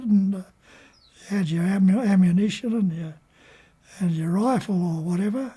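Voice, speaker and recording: An older man with an Australian accent, remembering in an interview and talking in a halting way with many pauses and fillers. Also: high-pitched, dark tone, faint music behind. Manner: unhurried, halting, with frequent fillers. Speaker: war veteran interviewee. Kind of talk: reminiscing in an interview.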